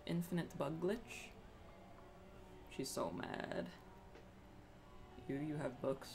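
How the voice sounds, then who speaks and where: Slow, laid-back game streamer. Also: mid-range voice, creaky, background noise. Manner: laid-back, swears casually, laughs often. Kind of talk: casual live-stream chat while gaming.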